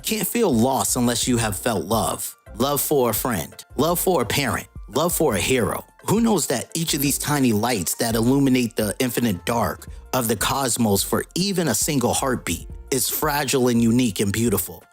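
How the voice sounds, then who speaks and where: A man reading a comic aloud, giving the lines of a calm, wise male avatar of death in his own husky voice. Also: mid-range voice, normal speed, few pauses, soft background music.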